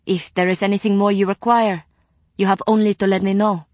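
A woman voicing a courteous, eager young female librarian in an audiobook, formal and brisk. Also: medium pitch, little pitch movement, a little mellow, no echo, studio quality, voice pushed up, lightly acted.

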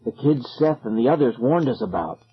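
A man voicing a nervous lost boy who speaks in an anxious, hushed way. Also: mid-range voice, animated, brisk, slightly rough, lo-fi sound, soft background music.

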